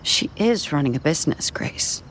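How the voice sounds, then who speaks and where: An actress playing a kind, practical young cigarette girl in an audio drama, speaking calmly and gently. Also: low voice, normal speed, a little hiss or hum. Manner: calm, sensible, gentle.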